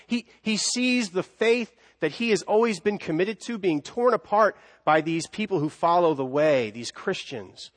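Male preacher, high voice, dramatic delivery from loud to hushed, long hall echo. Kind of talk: sermon.

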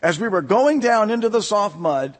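High-voiced man preaching in an echoey church. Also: normal speed. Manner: storytelling, animated, laughs often. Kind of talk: sermon with personal story.

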